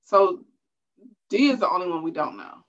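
A woman's voice: fairly low pitch, expressive, normal speed. A woman in casual chat over a music quiz, playful, laughing often and trailing off mid-sentence. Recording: dull lo-fi sound.

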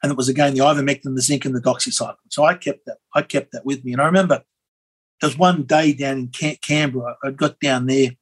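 An Australian man, a former member of parliament, telling a rambling, animated story as an interview guest, with many fillers and restarts. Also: medium pitch, fast, slightly rough, rough recording. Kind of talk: conversational storytelling.

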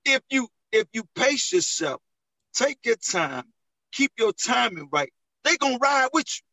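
A man's voice: extremely high pitch, sing-song, measured pace, bright, forceful tone, no room sound, rough recording. A man in casual conversation as a veteran comedian, advising others and repeating phrases for emphasis. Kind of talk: casual chat.

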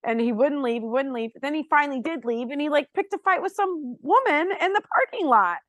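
A woman in her thirties from Florida speaks briskly in a high voice, recorded with no room sound. As a podcast co-host chatting casually, she tells a story animatedly, swearing freely and acting out the people she quotes.

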